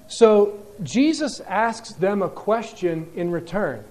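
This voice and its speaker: Conversational male preacher, higher voice. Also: expressive, takes it slowly, few pauses, darkish tone. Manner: conversational, explanatory, with repeated restarts. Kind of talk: sermon.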